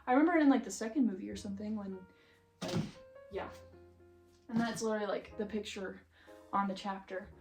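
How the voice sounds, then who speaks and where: A young woman vlogger with a mid-range, slightly mellow voice chats casually while reorganizing a bookshelf at home, talking fairly quickly but with long pauses. She is opinionated and chatty, says "like" constantly, and goes on rants. The room is echoey, with faint music behind her.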